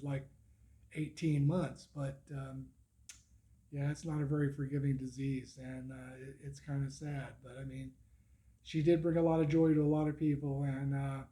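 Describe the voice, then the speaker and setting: Middle-aged male vlogger, slightly high voice with a soft, mellow tone, loose and rambling, lots of restarts and little chuckles. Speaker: motorcycle vlogger. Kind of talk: casual spoken recap.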